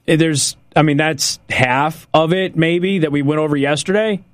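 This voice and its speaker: A man hosts a political talk radio show, giving an emphatic, sarcastic monologue and slowly repeating points for effect. His voice is a little high, and there is no echo.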